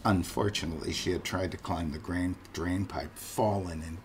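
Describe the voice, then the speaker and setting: A man's voice: low voice, steady tone, moderate pace, a little hiss or hum. An older man telling a story from his youth in a candid, self-mocking way, laughing as he goes. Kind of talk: casual spoken anecdote.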